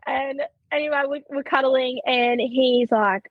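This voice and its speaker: Lively young Australian woman, slightly husky. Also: sits high, a little slow, narrow, tinny audio. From Queensland, Australia. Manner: animated, laughing, lots of "like". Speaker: podcast guest. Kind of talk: casual storytelling.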